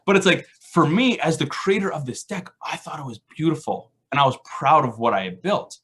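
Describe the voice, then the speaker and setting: A man's voice: on the high side, expressive, fairly quick, a bit bright, husky. A man giving a casual, self-deprecating faith reflection at an online recovery meeting, full of rhetorical questions.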